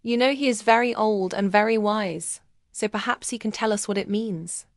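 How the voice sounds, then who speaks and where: A sharp-eyed muskrat from a storybook, earnest and puzzled, mulling over something strange, as a woman reading aloud puts him on. The voice is close and dry, with no room around it. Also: medium pitch, normal speed, no room sound, close to an everyday voice. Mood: wondering. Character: curious sharp-eyed male muskrat, thoughtful.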